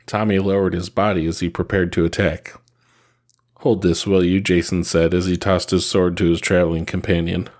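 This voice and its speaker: Man, deep voice, story reader, steady even narration. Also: fairly quick, hardly any pauses. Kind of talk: reading fan fiction aloud.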